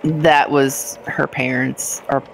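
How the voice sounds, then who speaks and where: A woman with a creaky, gravelly edge to her voice, reading game text aloud on a casual stream and breaking off into chatty asides. A faint hiss sits behind her. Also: very deep voice, level tone, slow, poor audio. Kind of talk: casual gaming chat.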